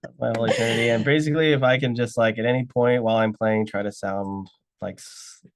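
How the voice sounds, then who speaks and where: A man's voice: medium pitch, steady tone, brisk, background noise. A man guitarist guest in an interview, jokey and laughing. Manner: jokey, laughing at his own slip. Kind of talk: casual interview chat.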